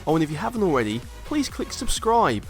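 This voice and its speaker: A man's voice: on the high side, big pitch swings, a little fast, soft background music. A man from England with an English accent, chatting casually as a video reaction host. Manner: laid-back, chatty, meandering.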